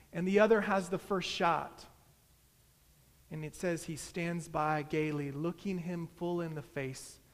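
A male preacher retells a story from the pulpit with dramatic, unhurried delivery. His voice sits high and moves at a slow pace, and it carries a long reverb through a large church. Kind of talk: sermon storytelling.

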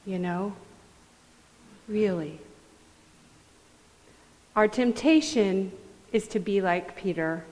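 A woman's voice: mid-range voice, takes it slowly, long pauses, a little mellow. A middle-aged woman preaching a sermon in a conversational way, acting out quoted voices. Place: church sanctuary. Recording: long hall reverb.

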